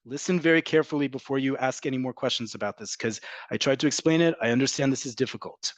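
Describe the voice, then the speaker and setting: A man's voice: mid-range voice, fast, hardly any pauses, dry recording, highs cut off. A man teaching a live online Hebrew class, emphatic and repetitive, drilling pronunciations and addressing viewers as folks. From from an American family.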